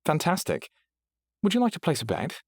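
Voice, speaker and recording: A man's voice: a little high, huge pitch swings, moderate pace, dry recording, studio quality, pitched above the performer's own voice. A man voicing a refined, polite female AI companion with a British accent and precise, proper diction in an audiobook. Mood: courteous, poised. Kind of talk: audiobook character voice.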